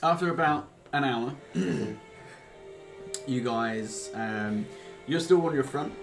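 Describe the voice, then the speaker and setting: A man's voice: mid-range voice, slow pace. A man narrating as game master of a tabletop game, hesitant and rambling with many ums and uhs. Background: background music.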